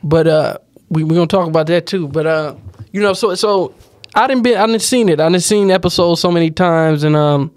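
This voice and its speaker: A man hosting a podcast, talking in a reflective, steady way and often adding "you know what I'm saying". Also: on the high side, fairly quick, clean tone, no echo. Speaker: podcast host. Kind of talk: casual chat.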